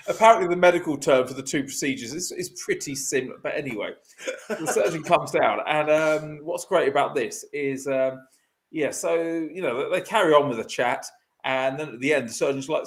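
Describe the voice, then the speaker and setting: A man's voice: a little high, normal speed. Man telling a rambling anecdote. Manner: rambling anecdote with fillers and laughs. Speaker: podcast host. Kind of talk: casual storytelling chat.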